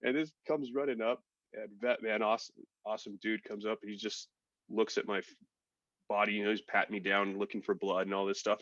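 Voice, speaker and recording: A man with a very low voice talks through his story in a frank, easygoing way, tossing in fillers and swear words. The sound is dry and a little dull, like a lo-fi recording. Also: fairly even intonation, fairly quick, a bit bright, dry recording. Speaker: podcast guest, military veteran. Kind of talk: casual storytelling.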